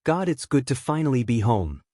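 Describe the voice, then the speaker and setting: A man narrating a fan fiction story in an even, unhurried reading voice. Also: mid-range voice, dry recording, clean studio sound. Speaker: fanfiction reader. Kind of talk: scripted narration.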